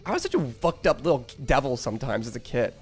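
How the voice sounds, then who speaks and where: A man's voice: medium pitch, lively intonation, fast, faint music behind. A man streaming live, telling a rambling story to his chat, swearing freely and often breaking into laughter.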